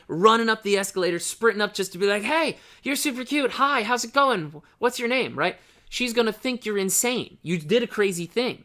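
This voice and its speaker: A man with a bright, slightly high voice explains his dating method in a loose, casual way. He talks bluntly and keeps tossing in quick "right?" check-ins. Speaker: dating coach. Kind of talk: casual instructional talk.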